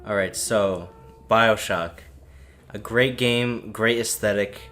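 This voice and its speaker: A man's voice: fairly low pitch, takes it slowly, a bit bright, soft background music. Tipsy man rambling through a story. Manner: rambling, laughing, silly put-on quote voices. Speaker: podcast co-host. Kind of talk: casual drunken story retelling.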